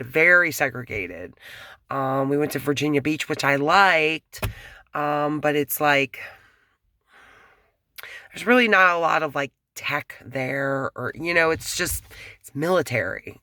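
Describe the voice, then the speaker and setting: A woman vlogging casually from her apartment, rambling and frank, swearing and sometimes dropping to a hush. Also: deep voice, dry recording. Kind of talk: casual talk to camera. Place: apartment at home.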